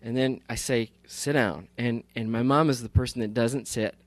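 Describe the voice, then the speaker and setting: Speaking from the pulpit at a normal speed, a pastor in his fifties has a medium-pitched voice with fairly even intonation. His talk is casual and good-natured but rambling, with frequent restarts and laughter.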